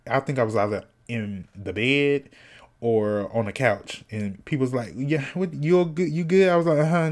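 A man hosting a solo podcast in casual chat, sassy and animated, cussing freely and snacking as he talks. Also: mid-range voice. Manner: snacking while talking. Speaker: podcast host.

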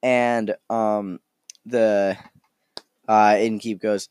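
A man's voice: fairly low pitch, fairly even intonation, slow, long pauses, smooth, no room sound, clean studio sound. A man recounting a tabletop game session in a hesitant way, full of fillers and restarts. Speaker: storyteller.

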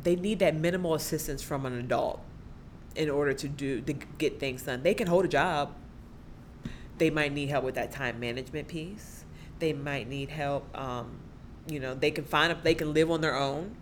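A woman's voice: deep voice, normal speed, a little hiss or hum. A woman, a special education teacher speaking as a podcast guest, talking animatedly and laughing often. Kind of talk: conversational podcast interview.

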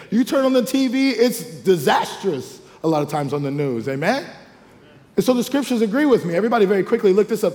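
A male pastor, preaching a lively sermon with call-and-response asides and acted-out quotes. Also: high voice. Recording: long hall reverb.

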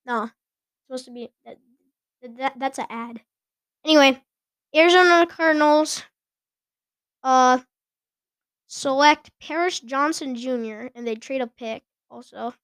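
A woman's voice: sits high, unhurried, long pauses, fairly bright tone, clean tone, no echo, clean studio sound. A woman hosting a casual podcast, chatting and giggling as she stumbles over names. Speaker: podcast host. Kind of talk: casual sports chat.

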